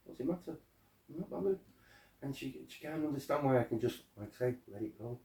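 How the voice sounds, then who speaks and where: A man's voice: medium pitch, fairly quick, vocal fry, recorded from a distance. Man telling stories in an echoey room. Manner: animated storytelling, acting out quoted arguments, swears. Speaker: guest. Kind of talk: casual podcast conversation.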